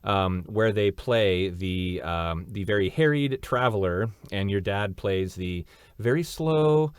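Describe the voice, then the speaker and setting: A man's voice: lowish voice, slow, clean tone, no room sound. A man hosting a podcast, asking questions like an eager, chatty fan. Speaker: podcast host. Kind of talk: casual interview chat.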